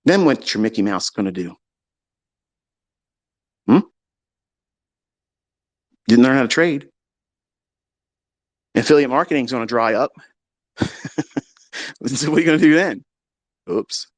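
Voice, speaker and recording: A man hosting a live audio room, ranting in a casual, heated way. He is profane, taunting and boastful, and he swings between loud outbursts and low mutters. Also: expressive, measured pace, long pauses, dry recording.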